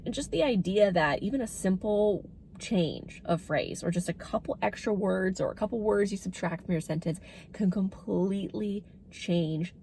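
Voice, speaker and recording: A woman's voice: mid-range voice, gravelly, darkish tone, slight background noise. A woman talking casually as a dementia care educator, chatty and lifting her voice when she acts out what people say. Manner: chatty, acts out quoted phrases in a lifted voice.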